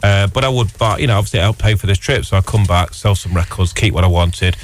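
A man's voice: deep voice, fast talker. A man on a radio show, chatting casually as a guest and telling long stories full of fillers and restarts. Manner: rambling storyteller, frequent fillers and restarts. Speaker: radio guest, record dealer. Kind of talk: casual chat.

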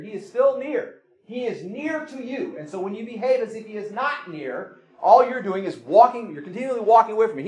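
A man's voice: high voice, slightly rough. A man preaching a sermon in a church, plain-spoken and earnest, asking his listeners pointed questions. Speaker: pastor.

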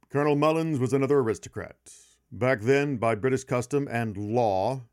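A man hosting a history podcast, telling a battle story with emphatic pauses and slowed-down stress on key points. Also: lowish voice.

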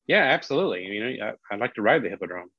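A man, a comedian, telling a story in casual podcast chat, animated and full of restarts. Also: on the low side, racing, no room sound. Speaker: comedian guest. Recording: dull lo-fi dry sound.

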